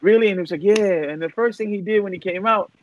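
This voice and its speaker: A middle-aged man, a pastor, answering interview questions in a relaxed way, often pausing, restarting and laughing. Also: high voice, dry recording, poor audio. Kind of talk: casual interview chat.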